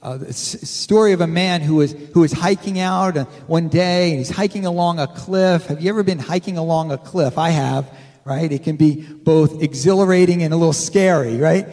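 A man's voice: a little high, moderate pace, a little mellow. A male pastor preaching a sermon in a church, conversational and direct, calling out to the congregation for amens. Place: church sanctuary. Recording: long hall reverb.

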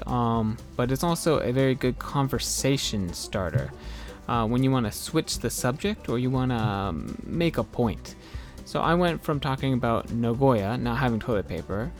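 Man, mid-pitched, relaxed English teacher, chatty with fillers, faint guitar music underneath. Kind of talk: casual spoken English lesson.

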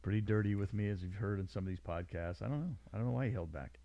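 A middle-aged man hosts a casual podcast in a low voice, rambling and laughing as he jokes. His voice sounds dry and close, with no room around it. He drifts from one thought to the next in a loose, easygoing way. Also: quick pace, no room sound, lo-fi sound. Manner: rambling, joking, laughs often. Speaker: podcast host. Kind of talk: casual chat. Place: small studio room.

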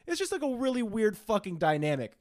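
A man's voice: sits high, big pitch swings, quick pace. A young man co-hosting a podcast, telling stories in casual chat, swearing a lot and mocking people in put-on voices. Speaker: podcast co-host.

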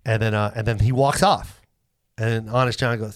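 Animated swearing man telling a story. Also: mid-range voice, fairly quick. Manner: animated, swears a lot, acts out other people's voices. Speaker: guest comedian. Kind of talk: casual storytelling.

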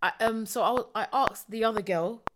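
Animated woman storyteller, slightly high voice. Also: brisk, background noise. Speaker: podcast co-host. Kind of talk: casual chat.

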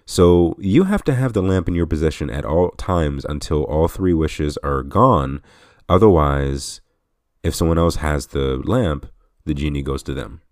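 A man's voice: rumbling low, unhurried, no echo, studio quality. A man hosting a podcast, casually talking through a game retrospective, rambling and correcting himself as he goes. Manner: rambling, self-correcting, chuckles often. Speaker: podcast host.

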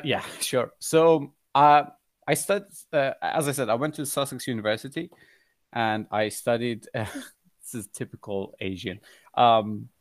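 A young man speaks in a mixed British, American and Iranian accent at a middling pitch. He rambles through his stories with plenty of fillers, recorded dry on a close mic. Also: no room sound. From Iran. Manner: chatty storyteller, many fillers. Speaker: podcast guest, fitness coach. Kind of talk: casual conversation.

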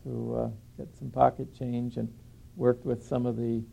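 A man reflectively recalling his past, speaking thoughtfully with many pauses. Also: medium pitch, flat delivery, gravelly, warm tone, slight background noise, poor audio. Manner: thoughtful, halting with fillers. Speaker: former draft resistance organizer. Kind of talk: reflective reminiscing.

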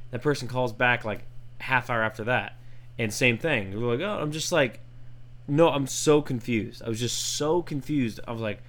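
A man co-hosting a casual podcast, telling a long story with plenty of energy. He talks at a middle pitch, and his voice leaps up whenever he acts out what other people said. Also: moderate pace. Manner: animated, jumps into high voices when quoting people. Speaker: podcast co-host.

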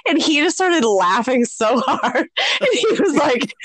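Woman, higher pitch, dry close mic, rambling self-mocking storyteller, laughs a lot. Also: sing-song, unhurried, husky, no echo. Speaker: podcast co-host. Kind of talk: casual storytelling chat.

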